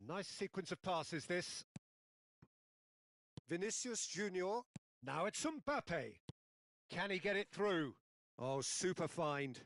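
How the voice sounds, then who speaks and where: Excitable high-voiced male football commentator. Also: a little slow, pauses often, dry recording. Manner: excitable, shouts on goals and shots. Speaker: play-by-play commentator. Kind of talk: video game football commentary.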